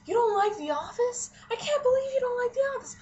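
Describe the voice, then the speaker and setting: A woman mimicking a shrill, whiny young guy. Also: animated, fast, a little mellow, lo-fi sound. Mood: incredulous. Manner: shrill, disbelieving whine. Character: young man, whiny and incredulous.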